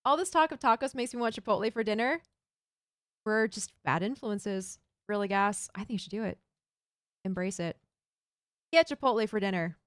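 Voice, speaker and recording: A woman's voice: mid-range voice, moderate pace, pauses often, dry recording, studio quality. A woman streaming a building game, chatting casually and thinking aloud while she builds and reads chat. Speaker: Minecraft streamer.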